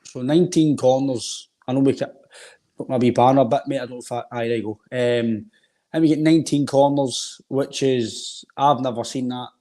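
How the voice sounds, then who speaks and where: A man's voice: mid-range voice, steady tone, normal speed, mellow. A Scottish man co-hosting a football podcast, rambling conversationally with a sore throat. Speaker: podcast co-host. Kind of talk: casual football chat.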